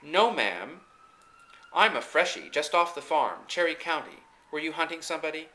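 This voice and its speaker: A man's voice: a little high, expressive, moderate pace, pushed and bright, voice pushed up, poor audio. A man voicing a polite, eager young male student fresh off the farm, recorded on a camcorder mic. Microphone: camcorder microphone.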